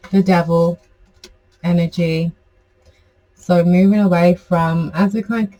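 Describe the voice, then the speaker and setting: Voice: mid-range voice, dark tone, lo-fi sound. A tarot reader giving a casual, chatty reading to camera, rambling with many fillers.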